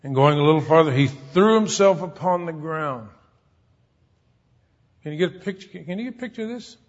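A man's voice: fairly high pitch, animated, moderate pace. A man preaching a sermon to a congregation, talking conversationally and turning emphatic, often asking the listeners questions. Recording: dull lo-fi recording with long hall reverb.

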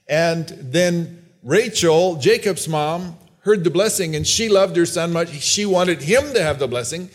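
A man's voice: a little high, slow pace. A man preaching a sermon, reading Bible verses aloud and explaining them loosely with restarts. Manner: reads Bible verses aloud and briefly acts out characters' lines.

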